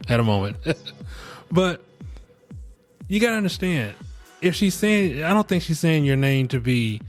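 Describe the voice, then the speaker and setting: Frank rambling man giving advice. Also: mid-range voice. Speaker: podcast host giving advice. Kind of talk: casual advice monologue.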